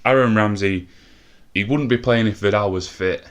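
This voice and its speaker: A young man commentating a football video game live, a bit out of breath and swearing often, shouting when the action peaks. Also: on the low side, brisk. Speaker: gaming commentator.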